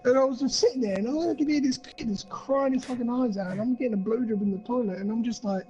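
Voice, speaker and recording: A man's voice: very high voice, fast talker, hardly any pauses, darkish tone, dull audio. A young man on a podcast, rambling through a crude story and swearing a lot. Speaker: podcast co-host. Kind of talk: casual chat.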